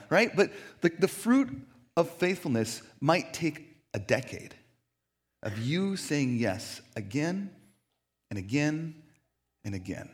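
Animated joking man preaching. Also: a little high, measured pace. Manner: animated, joking, self-deprecating. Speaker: pastor. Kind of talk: sermon.

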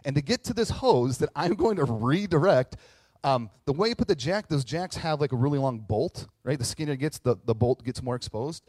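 A man's voice: medium pitch, a little fast, no room sound. A man in his thirties, a pastor telling a story in a sermon, joking and talking straight to the audience. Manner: animated, jokey, talks to the audience.

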